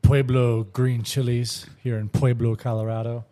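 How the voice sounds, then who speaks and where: A man's voice: mid-range voice, little pitch movement, unhurried, mellow. A man, a band member, chatting on a podcast with playful, goofy questions. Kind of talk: casual podcast chat.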